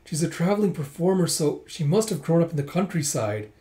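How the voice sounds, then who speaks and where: A man's voice: a little high, animated, a little fast, mellow, natural voice. A man voicing a proud, prickly young noblewoman in a manga readthrough, protesting indignantly. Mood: puzzled.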